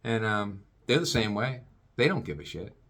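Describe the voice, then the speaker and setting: Lively, rambling, stammering man. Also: fairly low pitch, moderate pace. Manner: stammering restarts, crude and profane. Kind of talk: rambling comic rant.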